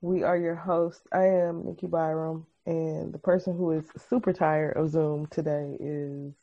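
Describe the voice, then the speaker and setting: A woman co-hosting a podcast in casual chat, expressive and storytelling. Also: low-pitched, a little slow. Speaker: podcast co-host. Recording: muffled video-call audio.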